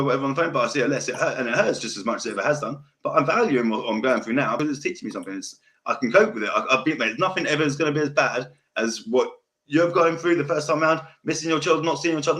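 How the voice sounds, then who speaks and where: A man's voice: mid-range voice, animated, racing, a bit bright. A young man with a South London accent hosting a podcast, chatting casually in a rambling, sweary way and repeating himself. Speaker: podcast host. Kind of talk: casual chat.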